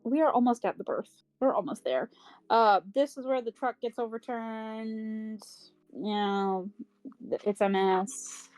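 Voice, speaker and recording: In a low-quality recording with faint background music and no echo, a woman with a fairly high, darkish voice co-hosts a book club podcast. She recaps a novel casually and ramblingly, with lots of fillers and a swear word here and there, briefly acting out what the characters say.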